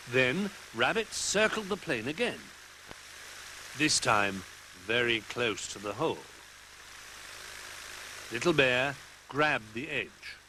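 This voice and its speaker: A man reading a children's storybook aloud in an expressive way, dropping to a hush for the quiet moments. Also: medium pitch, a little hiss or hum, low-quality recording. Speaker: narrator.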